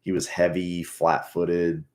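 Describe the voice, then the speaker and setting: A man's voice: low-pitched, monotone, takes it slowly, a little mellow. A man giving casual, rambling, profane commentary while rewatching a football game. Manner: rambling, profane, restarts often. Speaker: sports fan commentator.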